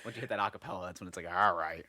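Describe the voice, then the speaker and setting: This podcast co-host has a low-pitched voice that races along, pushed and bright. He rambles and jokes through casual chat, now and then slipping into quoted voices.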